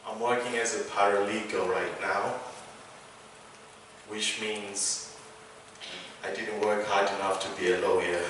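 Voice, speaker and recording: Animated male stand-up comic in echoey theatre. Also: lowish voice, measured pace, long pauses, a little hiss or hum. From England. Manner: animated, loud punchlines, laughs at own jokes. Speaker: stand-up comedian. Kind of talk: stand-up comedy routine. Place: small theatre stage. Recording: echoey theatre, mic from a distance.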